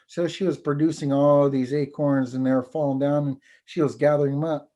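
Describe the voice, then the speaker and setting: A man, a teacher and storyteller, telling a folk tale over a video call in an unhurried, halting way. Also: a little high, little pitch movement, warm tone. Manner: unhurried, halting, repeats words. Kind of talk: oral storytelling.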